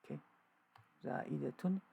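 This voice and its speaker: A man teaching an informal grammar lesson, halting with fillers and restarts, repeating key terms as he goes. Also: mellow, low-quality recording.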